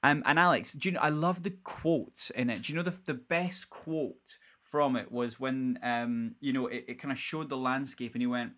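A man's voice: medium pitch, moderate pace, hardly any pauses, pushed and bright. A man hosting a music podcast in casual chat, brash and swearing freely. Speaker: podcast host.

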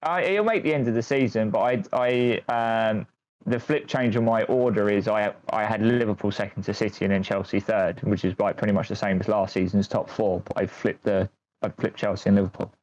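A man with a fairly low voice chatting on a football podcast in a steady, matter-of-fact manner. His audio sounds a little dull and muffled. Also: fairly quick. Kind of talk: casual chat.

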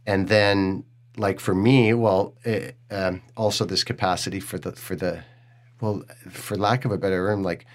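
A man's voice: low voice, steady tone, moderate pace. A middle-aged man hosting a podcast, speaking candidly and emotionally and swearing freely in casual conversation. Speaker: podcast host.

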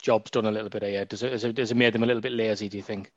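A man's voice: lowish voice, flat delivery, racing, no echo. Chatty man on a dull dry mic. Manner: teasing, chatty. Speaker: podcast host. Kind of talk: casual podcast chat.

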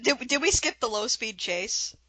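A woman's voice: fairly high pitch, expressive, normal speed, pushed and bright, no echo, poor audio. A woman co-hosting a podcast, making wry, sarcastic remarks in casual chat. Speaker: podcast co-host.

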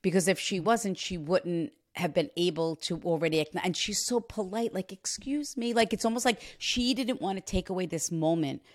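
A woman working as a psychic medium, giving a reading and passing on messages with gasps and animated asides. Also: on the low side, brisk, few pauses. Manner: animated, gasping, relays spirit messages.

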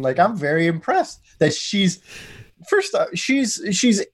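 An American man guesting on a podcast, talking in a rambling, animated way with sudden jumps in pitch. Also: a little slow, no room sound, clean studio sound. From United States. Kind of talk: casual podcast chat.

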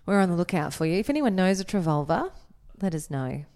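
A woman's voice: on the low side, very animated, fairly quick, a little mellow. A woman co-hosting a podcast in casual chat, teasing her co-host and laughing often.

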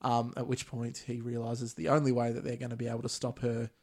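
A man's voice: medium pitch, fast. Chatty man recapping a movie. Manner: recaps plot in a relaxed, chatty way with Australian slang. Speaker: podcast host. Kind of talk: casual movie recap chat.

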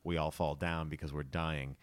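A young man from Boston, USA, with an American accent chats animatedly on a casual podcast. His voice rumbles low at normal speed with a clean tone, and his storytelling is jokey and lively.

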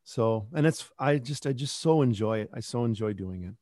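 A man's voice: mid-range voice, expressive, moderate pace, dark tone, no echo, clean studio sound. A middle-aged man who creates a kids podcast, talking reflectively in a casual interview. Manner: reflective, rambling with restarts.

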